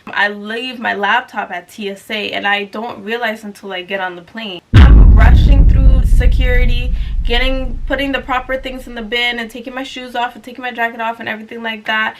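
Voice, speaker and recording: A young woman telling a storytime vlog in an animated, sassy way with mocking asides. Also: on the high side, normal speed, lo-fi sound. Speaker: YouTuber.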